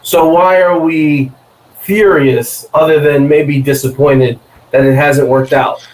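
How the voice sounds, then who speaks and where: A man's voice: on the high side, steady tone, slow pace, echoey room, poor audio. A man on a sports podcast, chatting casually in a playful, teasing, jokey way. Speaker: podcast guest.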